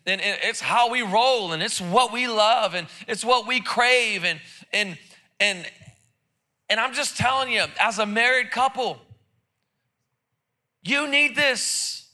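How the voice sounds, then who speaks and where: A man's voice: high-pitched, takes it slowly, long pauses, pushed and bright. A man preaching a sermon in church, casual and joking, with lots of repeated words and restarts. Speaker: pastor. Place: church service.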